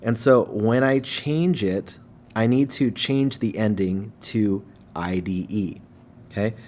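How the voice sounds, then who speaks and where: A man with a somewhat low voice walks through a recorded lesson at an easy pace. He checks in with listeners again and again and slows down to stress syllables when it matters. A faint hiss of room ambience sits under the voice. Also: a little mellow. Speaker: teacher.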